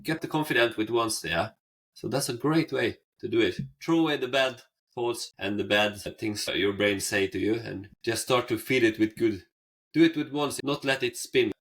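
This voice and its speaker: Low-voiced man giving earnest motivational talk. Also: fairly bright tone. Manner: non-native phrasing, earnest and motivational. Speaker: podcast co-host. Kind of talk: casual chat.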